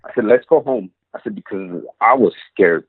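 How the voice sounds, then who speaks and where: A man's voice: lowish voice, normal speed, husky, dry recording. A man telling a story as a podcast guest, acting out every quoted line. He comes through a narrow, phone-like line. The sound is dry and close. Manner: animated, acts out quoted lines.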